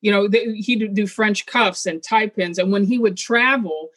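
A woman guest in an interview, talking in an animated, opinionated way with quick asides. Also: medium pitch, dry recording. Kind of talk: casual interview chat.

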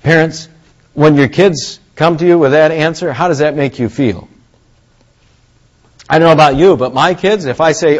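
A man's voice: on the high side, moderate pace, muffled recording. A man preaching a conversational sermon, asking the congregation questions and acting out the voices in a story. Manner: acts out voices of Moses and God. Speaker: pastor.

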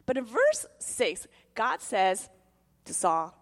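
A middle-aged woman pastor giving a testimony sermon, telling her story in an animated way and acting out the voices in it. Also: a little high, slow. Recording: long hall reverb.

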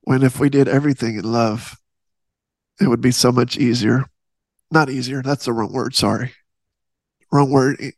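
Earnest rambling man, gravelly. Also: mid-range voice, steady tone, moderate pace, pauses often, a little mellow, dry recording. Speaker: podcast host. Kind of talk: casual faith podcast talk.

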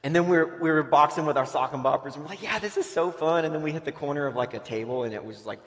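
A man's voice: medium pitch, racing. Man preaching casually in an echoing hall. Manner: conversational, restarts often, acts out quoted voices. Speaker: camp speaker. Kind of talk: casual sermon with storytelling. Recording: long hall reverb.

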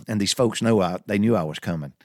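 Guy telling a long story to his viewers, low voice, dry sound, folksy. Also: brisk, dry recording. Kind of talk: casual anecdote told to viewers.

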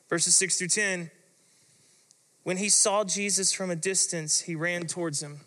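A man's voice: high-pitched, fairly even intonation, measured pace, sharp tone, in a large hall. A man preaching a sermon as pastor, telling the story in a dramatic, vivid way.

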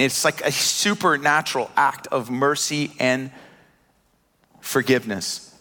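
A man's voice: medium pitch, unhurried, sharp tone. A man in his thirties preaching a sermon, earnest, repeating words and rising in emphasis. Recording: long hall reverb.

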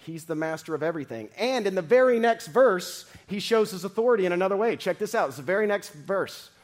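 Animated man preaching a sermon. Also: a little high, normal speed. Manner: animated preaching with big swings from loud to hushed; dramatic scripture reading. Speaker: pastor.

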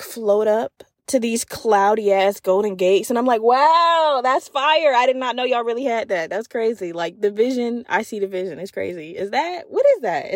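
A woman in her twenties hosting a casual solo podcast, telling comedic, profane stories with an animated delivery and lots of "like.". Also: a little high, no room sound, clean studio sound. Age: 20s. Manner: frequent fillers like "like". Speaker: podcast host.

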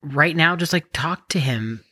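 A woman co-hosting a casual faith chat, animated, jumping in and acting out little quotes. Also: low-pitched, measured pace, no echo, studio quality. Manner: animated, jumps in, acts out quotes.

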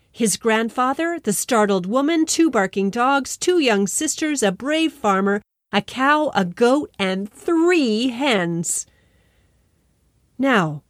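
A woman telling a children's story, expressive and lingering on repeated phrases as she narrates. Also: fairly high pitch, no echo, studio quality. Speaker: storyteller and podcast host.

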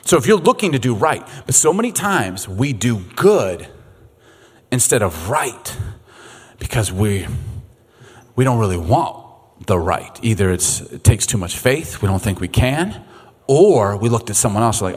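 A middle-aged man preaching a sermon as pastor, in a conversational, animated way, often slipping into little acted-out voices. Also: fairly low pitch, measured pace, husky. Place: church sanctuary. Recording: reverberant hall.

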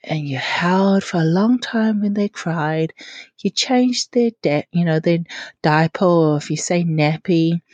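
A woman's voice: on the low side, measured pace, a little mellow, no echo, dull audio. Chatty giggly woman podcaster. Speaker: podcast host. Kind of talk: casual solo podcast chat.

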